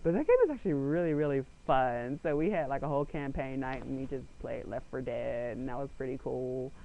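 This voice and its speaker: A man's voice: mid-range voice, a little fast, vocal fry, phone-quality sound, a little hiss or hum. A young man chatting casually into a webcam at home, rambling and filling his talk with "like" while acting out little quotes. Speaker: vlogger.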